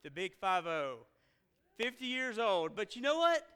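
Man in his forties, high bright voice, smooth and clear, funny storytelling, long hall reverb. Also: measured pace. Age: 40s. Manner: animated, self-deprecating, acts out quotes. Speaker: speaker addressing a live audience. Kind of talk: humorous personal storytelling.

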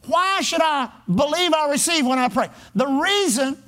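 A man's voice: very high voice, animated, moderate pace, hardly any pauses, pushed and bright. A man preaching a sermon as pastor, driving his points home with emphatic repetition.

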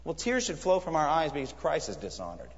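A man's voice: a little high, huge pitch swings, brisk. A man preaching a sermon in an earnest, emphatic way, pressing his listeners with searching questions. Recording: echoey hall, dull lo-fi sound.

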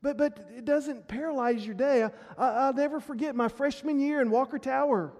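A man's voice: extremely high pitch, brisk, a little mellow. A male pastor preaching a sermon earnestly, often repeating words as he builds a point. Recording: reverberant hall.

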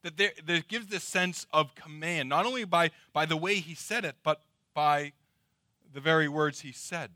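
Expressive preaching man, dry close sound. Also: on the high side, normal speed, no echo. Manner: dramatic, swings from loud to hushed. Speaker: pastor. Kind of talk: sermon.

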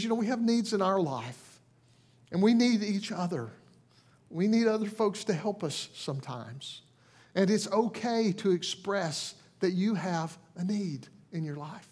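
Preaching conversationally, a man pastor speaks in a high-pitched, husky voice. His tone is earnest and gentle, with frequent restarted phrases and quiet shifts into quotations.

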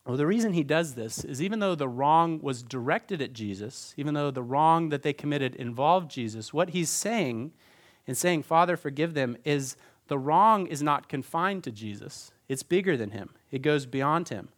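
A man preaching to his congregation in a slightly higher-than-usual voice. He tells the story earnestly and acts out what the crowds shouted, stepping in and out of their words. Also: animated, normal speed. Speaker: pastor. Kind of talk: sermon.

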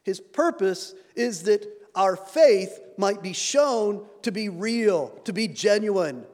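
High-voiced preacher in a reverberant hall. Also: male voice, lively intonation, slow pace, darkish tone. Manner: earnest, rising when reading scripture. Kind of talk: sermon.

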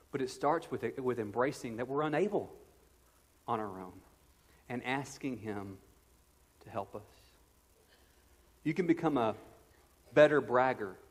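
A man in his thirties preaching a sermon as pastor, earnest and conversational with playful asides. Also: mid-range voice. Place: church sanctuary. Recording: long reverb of a church hall.

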